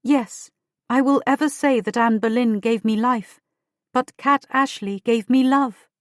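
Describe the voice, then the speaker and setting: Measured woman narrating an audiobook. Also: fairly high pitch, fairly even intonation, dry recording, studio quality. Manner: measured, storytelling. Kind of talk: first-person audiobook narration.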